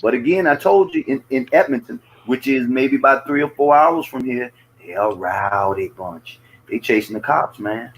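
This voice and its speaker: A man with a Southern US accent talks in a casual podcast chat. His voice sits at an ordinary middle pitch. He rambles freely and swears a lot. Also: normal speed, rough recording. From American South. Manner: profane, loose storytelling.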